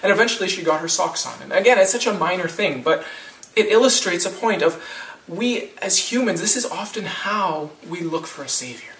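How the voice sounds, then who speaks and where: A man's voice: high-pitched, expressive, normal speed, fairly bright tone. Guy pastor preaching in a big echoey room, kinda far from the mic, talks casual with lots of "right?". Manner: conversational, with frequent restarts and rhetorical "right?". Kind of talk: sermon.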